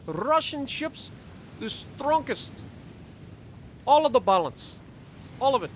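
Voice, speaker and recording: A man's voice: very high voice, animated, normal speed, pushed and bright, a little hiss or hum, pitched above the performer's own voice, exaggerated voice. A man putting on a mock Russian boaster. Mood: boastful. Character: boastful male Russian battleship captain.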